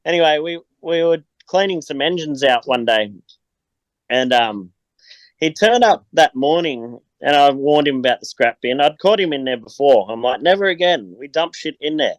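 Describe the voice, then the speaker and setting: A man's voice: mid-range voice, expressive, moderate pace, no echo, rough recording. An Australian man chatting as a podcast guest, telling rambling stories and laughing often. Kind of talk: casual chat.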